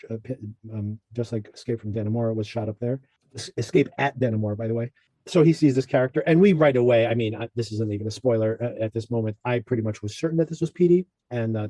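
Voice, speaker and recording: Male podcast host, rambling casual recap, warm husky tone. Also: medium pitch, quick pace, no room sound, poor audio. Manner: rambling, with frequent fillers and laughs.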